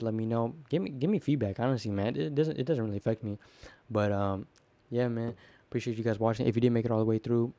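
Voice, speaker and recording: A teenage boy rambles through a casual solo podcast at a quick clip. His voice is mellow and dark, and he stumbles and repeats words as he acts out little bits of conversation. It all sounds improvised and loose. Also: mid-range voice, no room sound. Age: teens. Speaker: podcast host.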